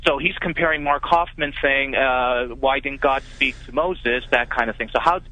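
A man's voice: mid-range voice, moderate pace, sharp tone. A man from California calling in to a radio program to ask a question, speaking hesitantly with many fillers. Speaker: caller. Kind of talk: call-in question. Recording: tinny phone line.

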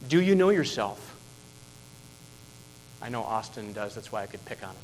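A man preaching a sermon as pastor, emphatic and full of rhetorical questions, dropping to a hush and then rising to loud stresses. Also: on the low side, sing-song, moderate pace, in a large hall, slight background noise, poor audio.

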